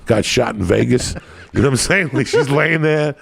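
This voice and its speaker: A man's voice: mid-range voice, moderate pace, no echo. A man, a podcast guest, telling rambling, profane stories in a casual chat. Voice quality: gravelly. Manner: crude, rambling storyteller. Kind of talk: profane storytelling.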